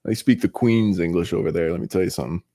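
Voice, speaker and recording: Deep, warm male guest from the United States, laid-back and sincere. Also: fast talker. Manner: earnest, laid-back, says man and yeah a lot. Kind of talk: casual interview chat.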